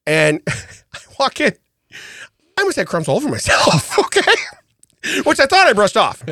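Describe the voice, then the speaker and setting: A man's voice: high-pitched, measured pace, no room sound, clean studio sound. A middle-aged man co-hosting a podcast, telling a story with lots of laughs and frequent "okay?" asides. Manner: animated storyteller, laughs often, says "okay?" a lot. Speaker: podcast co-host. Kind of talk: casual comedic chat. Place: podcast studio. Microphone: studio mic.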